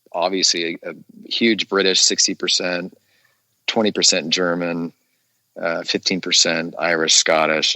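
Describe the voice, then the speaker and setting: A man telling stories as a guest in a casual podcast chat, animated and laughing often, recorded in a studio. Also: low-pitched, vocal fry, dry recording. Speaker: guest actor.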